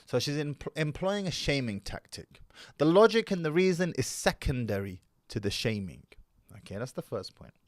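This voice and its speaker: A man hosting a commentary channel who lectures his audience at a measured pace. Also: medium pitch, no echo, clean studio sound. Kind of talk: commentary video monologue.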